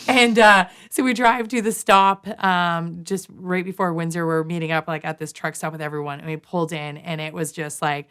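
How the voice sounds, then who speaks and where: A woman in her thirties from Canada talks through a long story in a relaxed interview. Her voice sits a little low, and she winds along with many "um"s and "like"s, acting out what people said to her. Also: moderate pace, hardly any pauses, clear, resonant tone. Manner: chatty, full of fillers and quoted asides. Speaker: guest, nurse.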